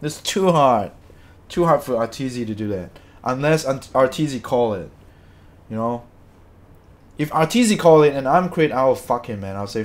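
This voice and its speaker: A man's voice: medium pitch, animated, moderate pace, long pauses. Angry swearing man ranting. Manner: angry, swearing, repeats himself. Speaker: streamer. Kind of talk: ranting game commentary to chat.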